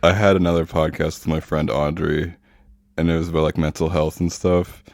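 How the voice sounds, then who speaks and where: A man's voice: a bass voice, flat delivery, fairly quick, darkish tone, no room sound. A man hosting a podcast, chatting casually with dry, laid-back banter. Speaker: podcast host. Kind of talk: casual chat.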